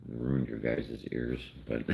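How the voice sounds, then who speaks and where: A man's voice: very deep voice, fairly even intonation, takes it slowly, gravelly, lo-fi sound, slight background noise. An older man hosting a casual livestream, coaxing animals and chatting with self-deprecating humor. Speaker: livestream host feeding raccoons.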